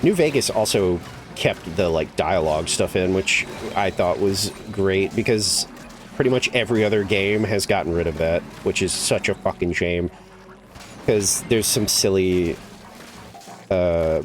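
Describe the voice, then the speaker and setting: A low-voiced man streams a game at a measured pace, rambling casually with lots of "like" and offhand swearing. There's slight background noise.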